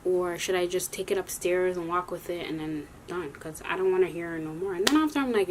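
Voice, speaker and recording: A woman's voice: lowish voice, a little fast, few pauses, background noise. A young adult woman telling a story in a vlog, retelling the dialogue and acting out each side. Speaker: vlogger.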